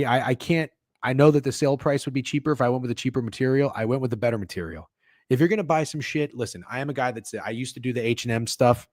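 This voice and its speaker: A man with a mid-range, darkish voice runs a sports betting livestream, where he jokes loosely and profanely with chat. There's no room sound, and the audio is studio quality.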